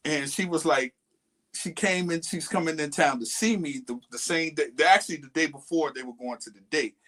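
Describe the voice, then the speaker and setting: A man's voice: fairly high pitch, a little fast, fairly bright tone. A man co-hosting a podcast, casually and animatedly retelling a friend's dating story with quoted lines. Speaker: podcast co-host.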